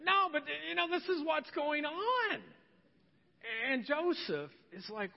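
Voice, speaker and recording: A man preaching a sermon as pastor, humorous and animated, acting out voices of the people in his story. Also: extremely high pitch, slow pace. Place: church hall. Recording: muffled church hall recording with long reverb.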